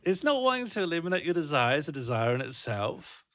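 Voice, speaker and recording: A man's voice: on the high side, very animated, brisk, a bit bright, no room sound, studio quality. Joking man rambling on livestream. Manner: rambling, joking, laughs often, answers chat. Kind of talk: casual livestream chat with viewers.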